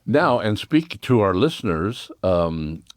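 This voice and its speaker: A man's voice: lowish voice, sing-song, slow, no room sound, studio quality. A man hosting a community radio interview in an easygoing, encouraging way. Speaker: radio host.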